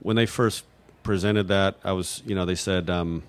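A man from New Mexico with a fairly low voice, fielding questions from an audience. He rambles, stalls on fillers, and restarts his sentences often. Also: fairly even intonation, normal speed, smooth. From New Mexico, USA. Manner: hesitant, full of fillers and restarts. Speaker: guest at audience Q&A. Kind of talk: rambling unscripted answers.

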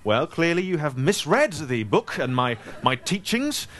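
A man's voice: a little high, very animated, a little slow, fairly bright tone. A man from Scotland, an author answering audience questions in a casual Q&A, joking and self-deprecating with rambling asides, speaking into a handheld microphone. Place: store event space with a live audience.

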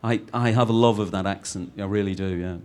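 Chatty British film director, rambling. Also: male voice, lowish voice, fairly quick, a little hiss or hum. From Britain. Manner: rambling, lively, frequent restarts. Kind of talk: interview answers.

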